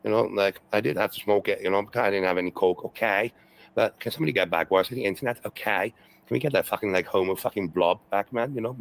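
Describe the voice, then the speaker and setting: A man's voice: lowish voice, fast, vocal fry, low-quality recording. A man ranting on a livestream, profane and repetitive, with many fillers and constant "okay"s. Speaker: streamer in a replayed stream clip. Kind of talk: rambling livestream rant.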